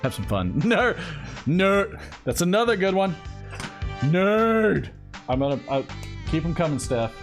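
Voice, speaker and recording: Lively, high-voiced male stream host. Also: a little slow, pauses often, faint music behind. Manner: rambling, giggly, talks to chat. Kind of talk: casual live-stream chat.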